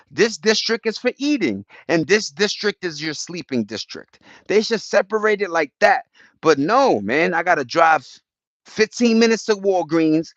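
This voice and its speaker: Outdoors on a live stream, a man rambles with his viewers from topic to topic, loose, slangy, and profane, frequently restarting his sentences. His voice sits on the high side and sounds a bit bright. The recording is muffled, with no echo.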